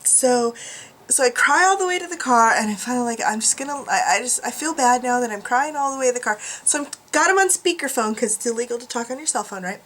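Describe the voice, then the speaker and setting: A woman's voice: a little high, lively intonation, fast talker, fairly bright tone. A woman vlogging from a room at home, chatting casually to camera in a self-mocking way, laughing often.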